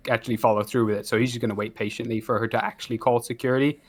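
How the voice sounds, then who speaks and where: A man's voice: medium pitch, flat delivery, rapid-fire. A man taking part as a player in a tabletop game, explaining his character's moves in a casual, hesitant way. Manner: casual, hesitant, laughing between lines. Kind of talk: tabletop role-play, playing a character.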